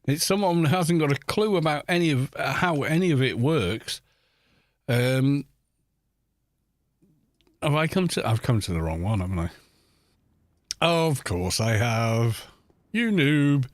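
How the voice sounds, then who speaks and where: Gaming streamer, male, middle-pitched, dry close sound; blunt, sweary, rambling running commentary. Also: expressive, normal speed, pauses often, no room sound. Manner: blunt, swears freely, ranting; rambling with frequent "you know". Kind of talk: casual live-stream commentary while playing.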